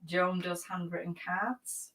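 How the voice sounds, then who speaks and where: A woman co-hosting a live stream, reading out viewer comments in a quiet, giggly way. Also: on the low side, steady tone, slow, poor audio. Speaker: co-host reading chat.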